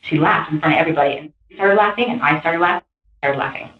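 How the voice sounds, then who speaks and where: A woman giving halting, rambling witness testimony in a police interview, heard on a tinny recording from far off. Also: low-pitched, roomy sound. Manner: halting, rambling, full of restarts.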